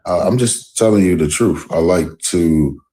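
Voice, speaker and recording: A man with an extremely low, deep voice calls into a live show. He talks slowly and deliberately, with a careful, proper-sounding delivery. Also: warm tone, poor audio. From United States. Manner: slow, deliberate, self-consciously proper speech. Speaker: caller. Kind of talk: casual live-stream call.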